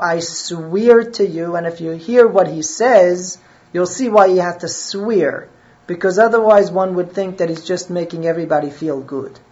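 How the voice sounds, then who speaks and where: A woman's voice: fairly low pitch, a little mellow, highs cut off. Woman teaching a text line by line. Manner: reads a phrase, then translates and explains it. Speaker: Torah teacher. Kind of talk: text study lesson.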